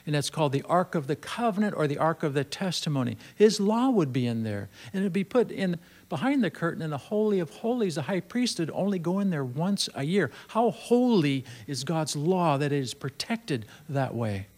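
A man preaching a sermon in an earnest way, repeating phrases and slowing down to stress key lines. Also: a little high, sing-song, darkish tone.

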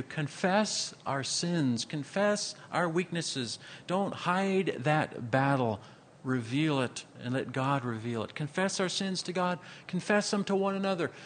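A male pastor preaching a sermon, swinging between loud emphasis and slow quiet phrases, with casual asides. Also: on the high side, a little hiss or hum. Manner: conversational asides with fillers.

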